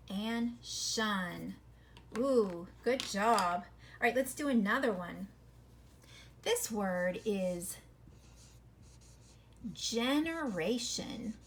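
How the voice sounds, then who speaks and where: A woman teaching a phonics lesson to children, encouraging and sounding words out slowly syllable by syllable. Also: on the high side, slight background noise. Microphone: recorded video lesson.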